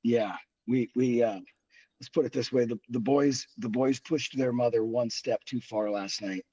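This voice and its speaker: A man speaking as a talk show guest, his voice hoarse, in relaxed conversation. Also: medium pitch, normal speed, no echo, distant mic, dull audio. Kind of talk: casual talk show chat.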